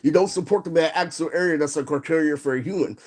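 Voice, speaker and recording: A man's voice: fairly high pitch, fast talker. A young man ranting on a livestream, rambling and profane with constant fillers.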